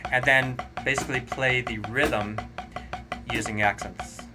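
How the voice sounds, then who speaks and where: A man teaching a drum lesson, counting rhythms aloud in a relaxed, explanatory way. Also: medium pitch, measured pace, over loud music. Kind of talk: casual spoken drum lesson. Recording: drums playing clearly behind the voice. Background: drum kit playing.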